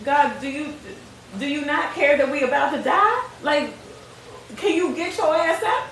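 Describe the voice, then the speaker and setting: A woman putting on frantic, panicked men in a boat, shrill and cursing. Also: expressive, a little slow, fairly bright tone, recorded from a distance, exaggerated voice. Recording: echoey room, away from the mic.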